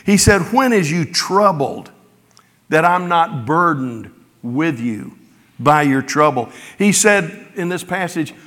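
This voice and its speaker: A man's voice: a little high, animated, takes it slowly, a bit bright. A man preaching a sermon in a conversational way, retelling scripture in his own everyday words. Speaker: pastor. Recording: long hall reverb.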